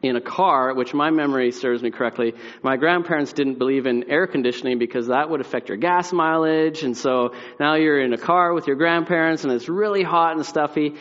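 A young adult man preaching, telling a personal story with animated delivery and acted-out voices, then dropping to a quiet, reflective tone. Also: fairly high pitch, fairly quick, hardly any pauses. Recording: muffled sound in a large reverberant hall.

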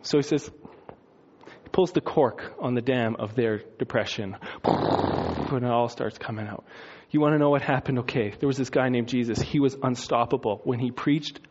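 A man preaching a lively sermon, swinging between loud excitement and hushed, quiet passages. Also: medium pitch, normal speed, slight background noise. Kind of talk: lively sermon with acted-out quotes. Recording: dull lo-fi sound.

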